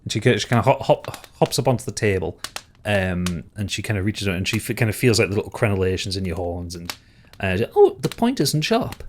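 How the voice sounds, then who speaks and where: A man's voice: low voice, fast talker, slight background noise. A man narrating as game master of a tabletop game, hesitant and full of fillers and restarts.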